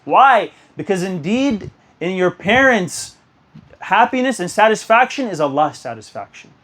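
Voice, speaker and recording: A young man giving an earnest sermon to a youth gathering, telling stories and urging listeners. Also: on the high side. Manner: earnest, exhortative, storytelling. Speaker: youth speaker.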